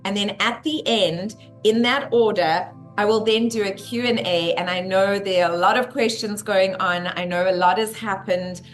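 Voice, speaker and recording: A woman's voice: mid-range voice, normal speed, hardly any pauses, soft background music. A woman hosting a spiritual live stream, effusive and greeting her viewers one by one by name.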